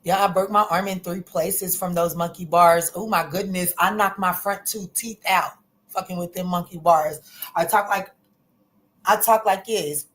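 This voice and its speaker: A woman's voice: on the low side, steady tone, normal speed, a bit bright, low-quality recording. Chatty woman doing a casual tarot reading. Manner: chatty, folksy, calls listeners baby and honey, curses freely. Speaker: tarot reader.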